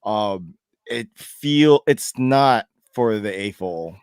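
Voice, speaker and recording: A man's voice: on the low side, lively intonation, slow pace, a little mellow, clean tone, no room sound, clean studio sound. A man from Southern California chatting as a guest on a casual podcast, easygoing and teasing. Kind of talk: casual chat.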